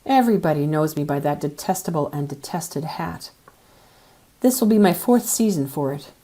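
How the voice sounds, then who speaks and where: Mellow woman reading a novel aloud. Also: sits low. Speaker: audiobook reader.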